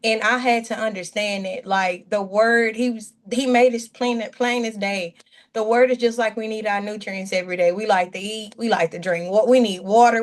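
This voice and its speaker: A woman pastor speaking earnestly and from the heart as a guest, sharing her testimony in a casual chat, often rambling and restarting her sentences. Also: medium pitch.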